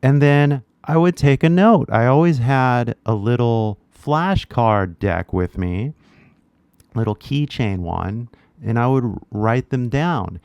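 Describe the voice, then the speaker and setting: A man's voice: medium pitch, animated, slow, darkish tone, smooth, no room sound, lo-fi sound. Chatty man with a dry, close sound. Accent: Californian. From California. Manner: chatty, many rhetorical "right?" tags. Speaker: language teacher. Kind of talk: casual spoken lesson.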